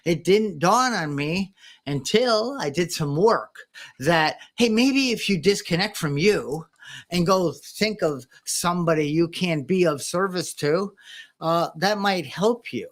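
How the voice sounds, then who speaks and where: A man hosting a podcast, talking in a reflective, halting way with restarts. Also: high-pitched, expressive. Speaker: podcast host. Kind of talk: casual chat.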